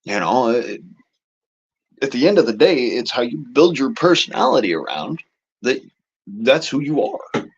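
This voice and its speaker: A man's voice: medium pitch, big pitch swings, measured pace, long pauses, breathy edge. Man ranting casually, heavy swearing, folksy phrasing, dull lo-fi sound. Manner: profane, rambling, folksy Southern turns of phrase. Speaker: show host. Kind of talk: casual political monologue.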